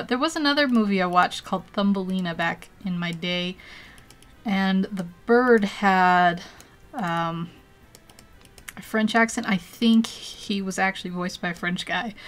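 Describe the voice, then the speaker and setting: A woman's voice: mid-range voice, unhurried. A woman with an American accent, an artist live-streaming as she draws, chatting casually and laughing often as she answers viewers. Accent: General American. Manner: giggly, laughs often between phrases; chatty, self-deprecating, reads and answers chat. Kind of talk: casual live-stream chat while drawing.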